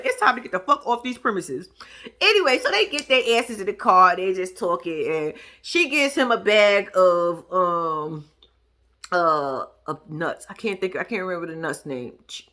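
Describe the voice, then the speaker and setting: A woman talking casually, recapping a TV episode in a sassy, profane, teasing way. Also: fairly high pitch. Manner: profane, sassy, animated storytelling; sarcastic, teasing. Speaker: reality TV recap vlogger. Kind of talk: casual commentary.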